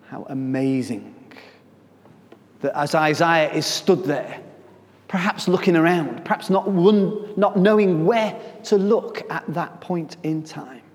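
A man preaching a sermon, moving between quiet, hushed phrases and sudden loud emphasis. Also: fairly high pitch. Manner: dramatic shifts between soft and loud delivery. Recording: long reverb of a hall.

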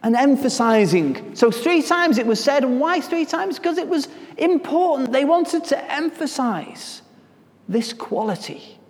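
A man preaching a sermon, moving between quiet, hushed phrases and sudden loud emphasis. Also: extremely high pitch, animated, unhurried. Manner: dramatic shifts between soft and loud delivery. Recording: long reverb of a hall.

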